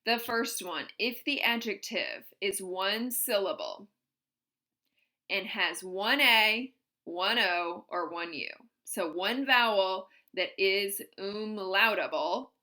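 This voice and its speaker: Slow, bright-voiced woman teaching grammar. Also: medium pitch, lively intonation. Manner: patient, explains step by step with examples. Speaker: German teacher. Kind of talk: classroom grammar lesson.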